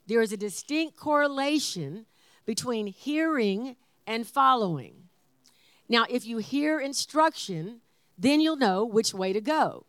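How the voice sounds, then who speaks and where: A woman in her sixties preaching a sermon, telling stories with animated emphasis and laughter. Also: on the high side, measured pace, no echo, clean studio sound. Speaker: pastor.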